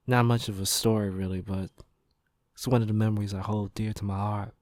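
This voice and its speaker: A man hosting his own podcast, slowly and reflectively recalling a memory in a rambling, casual way. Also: on the low side, little pitch movement, a little mellow, dry recording, clean studio sound. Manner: slow, reflective, rambling with pauses. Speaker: podcast host. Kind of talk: casual personal storytelling monologue.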